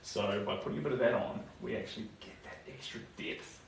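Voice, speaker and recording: A man's voice: mid-range voice, brisk, vocal fry. A young New Zealand man with a New Zealand accent painting on a live stream, chatting casually, answering viewer comments and muttering to himself as he works. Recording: echoey room, distant mic, noisy.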